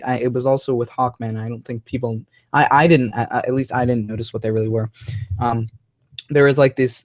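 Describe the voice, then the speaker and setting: A man's voice: medium pitch, darkish tone, dry recording. Young man, live-stream host, rambling casual talk, dry close sound. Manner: rambling, many fillers and restarts. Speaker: host of a live toy-review show.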